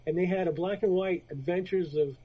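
A man with a high yet mellow, dark-toned voice chats casually on a podcast. He rambles through a retold story, restarts his sentences and slips in quoted lines. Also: a little fast, poor audio. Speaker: podcast co-host. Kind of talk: casual chat about comics.

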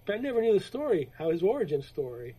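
A man's voice: high voice, big pitch swings, fast talker, warm tone, husky, rough recording. A man co-hosting a casual podcast, telling a story in a rambling way with many restarts and acted-out quotes. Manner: rambling, retells stories with quoted voices. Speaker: podcast co-host. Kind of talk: casual chat about comics.

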